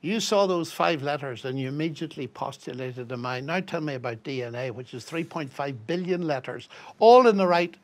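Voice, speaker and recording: An older man with a Northern Irish accent, telling an animated story as a professor guest in a conversation. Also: fairly high pitch, a little fast, hardly any pauses. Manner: lively anecdote-telling with acted quotes, chuckling.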